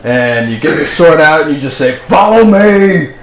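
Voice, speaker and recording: A man narrating a tabletop role-playing game as its game master, in a steady storytelling manner. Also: mid-range voice, fairly quick. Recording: echoey room, faint ambient noise.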